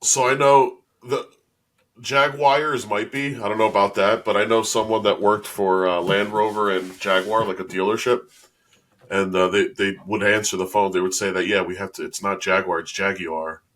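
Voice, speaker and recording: A man's voice: fairly low pitch, level tone, moderate pace, a bit bright. A man co-hosting a podcast, chatting casually about sports and cars, hedging with lots of fillers and restarts. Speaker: podcast co-host.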